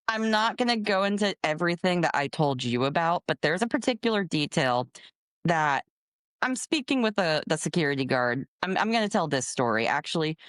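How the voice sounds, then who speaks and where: A young adult woman co-hosting a podcast, telling a workplace story in casual chat, animated and swearing freely. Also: sits low, fairly quick, smooth, no echo. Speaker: podcast co-host.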